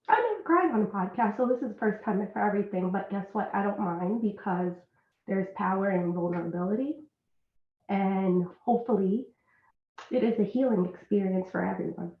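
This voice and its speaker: A woman in her thirties, an instructional coach, speaking as a podcast guest; she is tearful and emotional, talking in an open and heartfelt way. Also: mid-range voice. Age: 30s. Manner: open and heartfelt, apologetic about her tears. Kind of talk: podcast interview. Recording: echoey, phone-like remote line.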